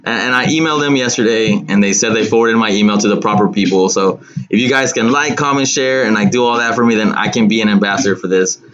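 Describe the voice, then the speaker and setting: A man's voice: lowish voice, fast, over a noisy crowd. A man hosting a gaming channel, chatting casually over gameplay with lots of fillers and restarts. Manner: rambling with many fillers and restarts. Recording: dull lo-fi sound with game music.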